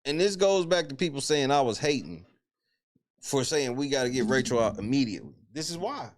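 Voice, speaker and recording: A man hosting a casual talk show, reacting to a reality show with animated, profane disbelief. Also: mid-range voice, fairly quick. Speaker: host.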